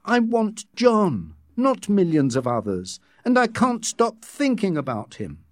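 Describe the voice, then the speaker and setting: A man voicing a headstrong, impatient young woman in love, with drawn-out, pleading delivery, in a read-aloud story. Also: medium pitch, sing-song, darkish tone, no echo, studio quality, voice pushed up. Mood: yearning.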